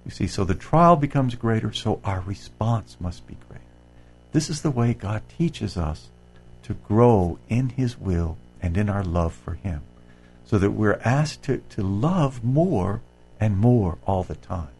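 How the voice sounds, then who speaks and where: Gravelly low-voiced man giving a spiritual talk. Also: expressive, measured pace, a little mellow, a little hiss or hum, poor audio. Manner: reads quotations aloud and comments, with fillers and restarts. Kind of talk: spiritual reflection.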